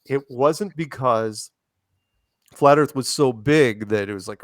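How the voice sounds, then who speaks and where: Speaking slowly in a medium-pitched voice, this podcast guest tells casual, conversational stories with many restarts and tangents. When quoting others he acts them out loudly; the studio recording is dry.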